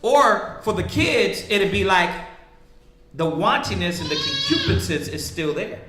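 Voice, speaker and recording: A man's voice: high voice, huge pitch swings, a little slow, echoey room, music in the background. A man preaching in a casual, conversational way, often asking "right?" and acting out the voices of the people he quotes. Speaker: priest teaching scripture.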